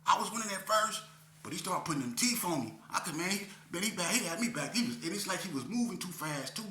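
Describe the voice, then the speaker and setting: Man, interview guest, streetwise slang, very bright sharp voice, echoey room. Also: quick pace. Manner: streetwise slang, keeps checking in with "right?"; animated, climbs high when retelling. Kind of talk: casual storytelling. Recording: echoey room with faint hum.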